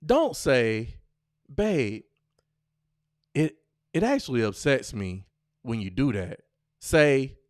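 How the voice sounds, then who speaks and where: A man hosting his own podcast speaks in at a slow, unhurried pace. His pitch swings widely as he jokes and reads lines aloud in mock voices. The sound is dry, with no room echo. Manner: loose, joking, reads lines off a screen with animated mock voices. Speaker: podcast host. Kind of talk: casual solo podcast chat.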